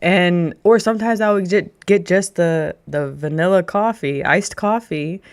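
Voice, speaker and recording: Chatty, ranting woman with a lowish voice. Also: a little slow, clear, resonant tone. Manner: ranting storyteller, laughs often. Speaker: streamer. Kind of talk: casual chat to a live audience.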